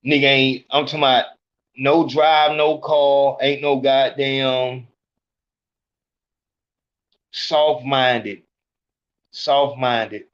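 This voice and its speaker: A man hosts a podcast and delivers blunt, profane street commentary in a preachy tone. He talks slowly and deliberately at a middle pitch. The recording sounds dull and lo-fi. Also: little pitch movement. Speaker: podcast host.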